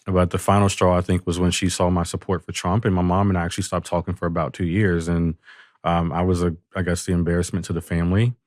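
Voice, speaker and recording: A man's voice: low voice, flat delivery, quick pace, darkish tone, dry recording, studio quality. A man being interviewed as a guest, answering openly and earnestly with small hesitations.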